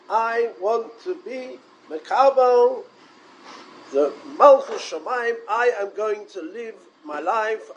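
A man giving a Torah lecture, animated and full of rhetorical questions, mixing in Hebrew and Yiddish terms. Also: high-pitched, a little hiss or hum, poor audio. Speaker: rabbi.

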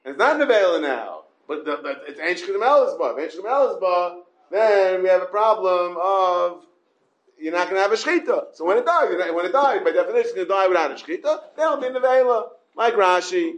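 High-voiced man teaching a Talmud class. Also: lively intonation, reverberant. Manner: halting, repeats words and restarts often; asks rhetorical questions and checks with the listeners.

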